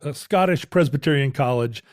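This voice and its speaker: A man's voice: mid-range voice, moderate pace, dry recording, studio quality. A middle-aged man co-hosting a podcast, telling a family story in a rambling, self-interrupting way. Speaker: podcast co-host. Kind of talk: casual chat.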